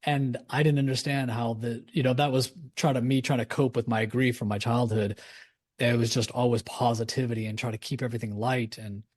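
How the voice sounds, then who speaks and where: A man speaking earnestly as a guest in a reflective conversation, running through lists of words with lively emphasis. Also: medium pitch, a little fast.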